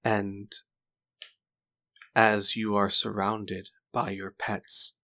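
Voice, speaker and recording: A man narrating a tabletop game as game master in a slow, deliberate storytelling manner. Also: on the low side, monotone, sharp tone.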